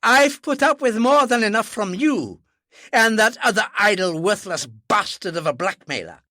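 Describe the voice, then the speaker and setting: A man's voice: high voice, wildly swooping pitch, slow, sharp tone, no echo, studio quality, voice pushed up, exaggerated voice. A narrator voicing a heavy, hot-tempered older father who blusters and splutters with rage. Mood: furious.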